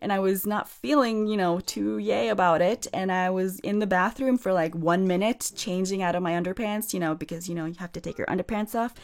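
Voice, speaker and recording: A woman's voice: medium pitch, fairly quick, few pauses. A woman reading stories aloud and adding chatty, sarcastic commentary of her own. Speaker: story narrator.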